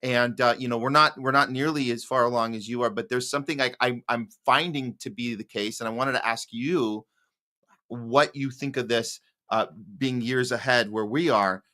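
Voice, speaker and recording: A man hosting a live political podcast, with a bright, forceful voice. He asks long, earnest questions, circling back and restarting as he goes, in easy casual chat. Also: medium pitch, steady tone, normal speed. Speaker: podcast host. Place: Hollywood.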